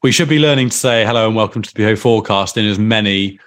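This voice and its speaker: A man's voice: lowish voice, quick pace, fairly bright tone. A man co-hosting a football podcast, joking and rambling in casual chat with friends. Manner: jokey, rambling, self-deprecating banter. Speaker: podcast co-host.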